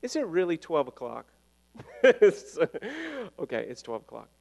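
Brief: male pastor, fairly high voice, chatty storytelling sermon, laughs at himself, long reverb of a church. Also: big pitch swings, measured pace, creaky, darkish tone. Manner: chatty, self-deprecating storytelling with frequent laughs. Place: church sanctuary.

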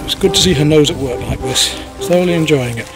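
A man's voice: on the high side, fast talker. A man, a dog trainer, outdoors in the countryside, giving commands and enthusiastic, sing-song praise to a puppy. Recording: outdoor field audio under loud music.

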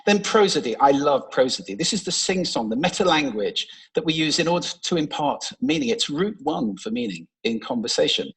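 A man gives a talk to a large audience, in a slightly husky voice. He plays with his delivery, and his pitch swings widely and lively from phrase to phrase. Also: brisk, few pauses, low-quality recording. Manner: expressive, playful, demonstrates voice techniques. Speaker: speaker giving a talk on stage. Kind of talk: public talk with vocal demonstrations. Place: large stage before an audience. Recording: played from a talk recording.

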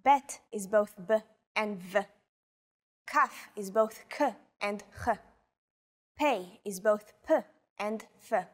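A woman co-hosting a language lesson, pronouncing sounds and words slowly and carefully for learners. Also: medium pitch. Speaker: native speaker co-host modeling pronunciation. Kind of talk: slow, careful pronunciation demonstration.

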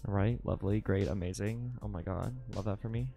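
A man streaming live while drawing, chatting casually with viewers, excitable, swearing a lot and laughing often. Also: fairly low pitch, fairly quick, vocal fry, soft background music.

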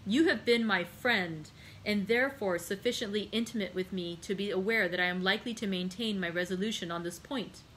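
A woman's voice: mid-range voice, brisk, a bit bright, a little hiss or hum, natural voice. A woman reading the part of a proud young male viscount who speaks coldly and formally in a storybook reading. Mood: indignant. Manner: cold, formal, insistent.

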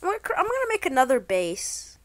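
A woman giving excitable, slangy commentary over her own gameplay, bursting into exclamations. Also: high-pitched, fast talker. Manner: playful trolling banter, slangy. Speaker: gaming channel host.

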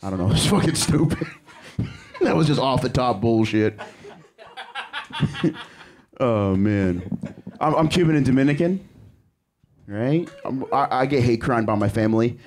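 A man's voice: mid-range voice, expressive, a little slow, pauses often, a little mellow. Rambling, crude young male stand-up comic. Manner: crude, rambling, breaks off and laughs at himself. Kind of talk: stand-up comedy set. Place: comedy club stage.

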